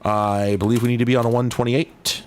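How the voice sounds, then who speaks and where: A man in the middle of the usual pitch range mutters and rambles through casual retro-gaming commentary. He is sardonic and keeps breaking off his own sentences, then starting them again. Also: level tone, brisk, a little mellow, slight background noise. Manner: rambling, sardonic, self-interrupting. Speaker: host. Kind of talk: casual commentary while playing retro games.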